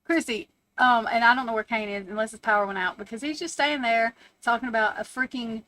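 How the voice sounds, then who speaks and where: A woman's voice: on the high side, steady tone, fast, bright, forceful tone. A woman hosting a casual live stream from home, chatting, swearing freely, laughing often and answering her chat.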